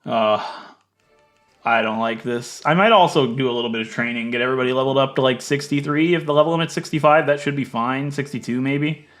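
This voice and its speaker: A man giving casual gameplay commentary, chatty and thinking aloud, swinging from low muttering to loud mock outrage. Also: quick pace, soft background music. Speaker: let's play gaming creator.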